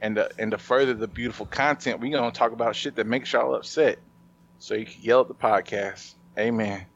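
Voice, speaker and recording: A man's voice: mid-range voice, fairly even intonation, fairly quick, background noise. A man hosting a podcast, opening the show and telling stories in a laid-back casual chat. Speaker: podcast host. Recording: muffled lo-fi sound.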